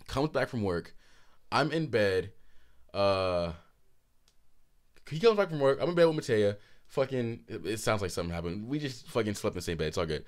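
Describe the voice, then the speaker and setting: Man, twenties, podcast co-host, animated storyteller, expressive pitch, slightly hoarse. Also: normal speed, long pauses. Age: 20s. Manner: animated storyteller, laughs often, swears freely. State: hoarse throat. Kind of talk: casual chat.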